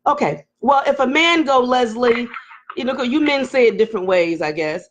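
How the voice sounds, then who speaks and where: A woman in her forties hosts a frank live-stream conversation, her fairly high voice swinging between nervous laughter and heavy pauses. She talks openly and emotionally, straight to her listeners. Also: animated, slight background noise. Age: 40s. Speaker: host. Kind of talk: candid live-stream talk.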